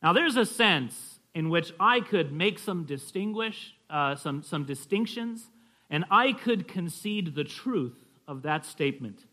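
A man's voice: a little high, lively intonation, a little slow, bright, forceful tone. A man teaching a class on church history in a conversational way, telling stories and often checking in with his listeners. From California.

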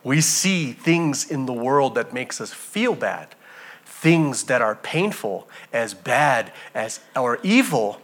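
A man preaching a sermon as pastor, telling stories with animated energy and addressing the congregation as family. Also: medium pitch, takes it slowly.

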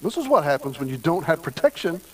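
Animated folksy male pastor. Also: fairly high pitch, fast talker, low-quality recording. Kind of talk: midweek sermon.

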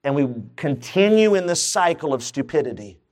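Emphatic preaching man, higher-pitched. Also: expressive, moderate pace, a little mellow. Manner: emphatic preaching with comic asides and sudden rises in pitch. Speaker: pastor. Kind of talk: sermon.

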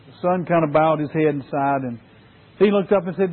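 Preacher man, earnest sermon, high husky voice, tinny phone-line sound. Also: fairly quick. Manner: earnest, emphatic repetition.

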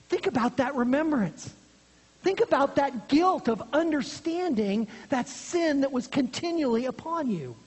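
A preacher giving an earnest expository sermon, dropping low and quiet for emphasis, recorded in a church sanctuary. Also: breathy edge. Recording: long hall reverb.

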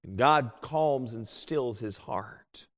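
A man preaching a sermon as a pastor, earnest and pleading, swinging from loud appeals to hushed tones. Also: medium pitch, takes it slowly. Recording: long hall reverb.

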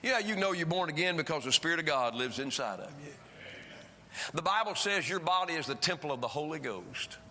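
A man preaching a sermon, swinging between emphatic rises and quiet drops as he speaks. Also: fairly high pitch, expressive, a little fast. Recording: preaching in a reverberant church hall.

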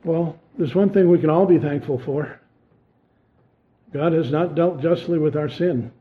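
A man preaching a sermon in an earnest way, asking pointed questions and then dropping his voice low. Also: measured pace. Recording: tinny phone-like sound.

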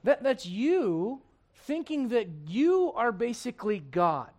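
High-voiced impassioned man preaching a sermon. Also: sing-song, takes it slowly, darkish tone. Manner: impassioned and conversational, full of rhetorical questions.

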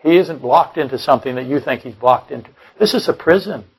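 A man's voice: medium pitch, lively intonation, a little fast, darkish tone, husky, poor audio. An older man preaching a sermon, blunt and combative, often repeating and restarting his phrases. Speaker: pastor. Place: church service.

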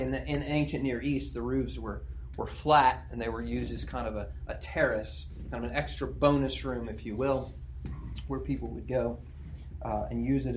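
A man's voice: medium pitch, a little hiss or hum. A male pastor preaching an expository sermon in a conversational way, often checking in with his listeners through rhetorical questions.

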